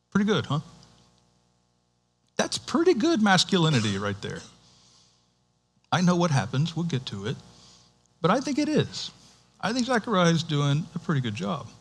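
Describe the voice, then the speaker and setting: A man preaching in church with a middle-pitched voice. He talks to the congregation like it's a chat, with asides and restarts, and his voice lifts when a point excites him. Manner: conversational, animated, with restarts and asides. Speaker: pastor. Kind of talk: sermon.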